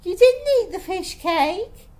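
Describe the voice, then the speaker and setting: A tattling schoolgirl tells on a friend in a high voice, as a woman puts her on. She speaks slowly, like a character in a storybook read aloud. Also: very animated, warm tone, heavily acted.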